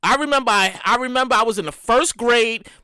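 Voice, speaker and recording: A man in his late thirties hosts a solo podcast in a loose, chatty way, often circling back over his own words. His voice sits unusually high and bright, leaping up and down in pitch, and it is captured close and dry with no room sound. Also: brisk, clean tone, dry recording. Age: 30s. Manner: animated, repetitive, talks straight to listeners. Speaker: podcast host. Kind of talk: casual solo podcast chat.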